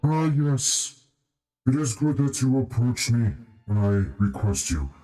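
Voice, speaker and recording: A man's voice: mid-range voice, lively intonation, slow, dark tone, faint music behind, poor audio. A man voicing a boastful, short-tempered male Hutt crime lord who rambles grandly and misuses words in a tabletop game. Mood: pompous. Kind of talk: tabletop role-play voicing.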